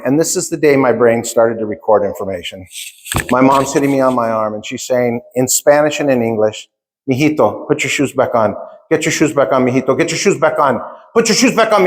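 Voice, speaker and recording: Man speaking in a reverberant conference hall. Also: a little high. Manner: emphatic, repeats key phrases. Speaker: keynote speaker. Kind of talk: motivational storytelling speech. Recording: long reverb of a large hall.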